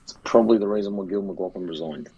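An Australian man co-hosting a casual footy podcast, telling sweary, animated stories and mimicking his mates. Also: deep voice, quick pace, slightly rough, highs cut off. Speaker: podcast co-host.

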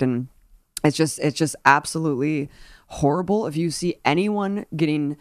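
A woman's voice: sits low, fairly even intonation, normal speed, dry recording. A woman hosting a casual political discussion, indignant and rambling with many fillers. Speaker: political commentary host.

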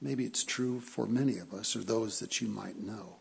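A middle-aged man preaching a sermon, telling stories in a conversational way, repeating words as he goes and swinging from loud to quiet. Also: lowish voice, moderate pace, creaky, husky. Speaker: pastor. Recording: long hall reverb.

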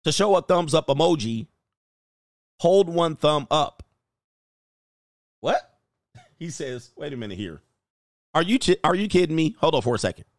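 A male host with a high voice reads viewer comments in a loose, casual chat. He swings his pitch widely, often bursting into exclamations and laughter. The recording is dry and close. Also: lively intonation, moderate pace, long pauses, no echo. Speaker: host and coach.

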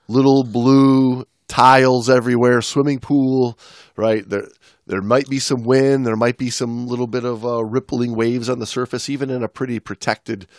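A man co-hosting a casual podcast, talking as a dive instructor. His voice sits at a middle pitch, and he rambles with frequent restarts. The sound is close and dry. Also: no echo. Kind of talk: casual chat.

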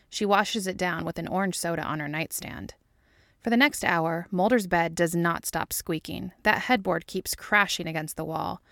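A woman reads a fan fiction story aloud in a lowish voice. Her narration is wry and even. The recording is close and dry. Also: gravelly, dry recording. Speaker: audiobook reader.

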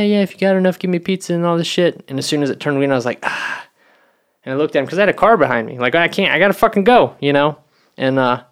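A man's voice: mid-range voice, a bit bright. A man telling a long story in casual chat, rambling and swearing, with lots of "you know". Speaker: podcast co-host.

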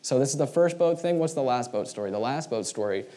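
A man preaching a sermon in a casual, animated storytelling way, often acting out the voices he quotes. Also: medium pitch, fast. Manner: casual, many fillers like "like" and "right". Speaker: pastor.

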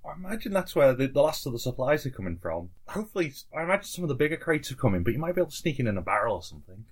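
A woman's voice: a bass voice, big pitch swings, racing, husky. A woman narrating a tabletop game as game master, thinking aloud with fillers and restarts.

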